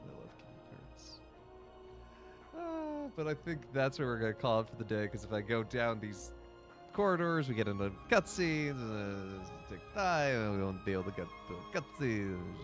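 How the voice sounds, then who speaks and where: Lively low-voiced man streaming a game. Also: normal speed, music in the background. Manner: chatty, laughs often, thanks chat. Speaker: priest hosting a game stream. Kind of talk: casual livestream gaming commentary.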